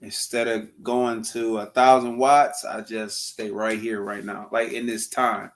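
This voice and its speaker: A man's voice: on the low side, level tone, unhurried. A young man co-hosting a casual chat, earnest and a bit preachy, speaking to viewers and acting out what people say. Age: young adult. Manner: earnest, preachy asides to viewers, acts out quotes. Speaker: co-host.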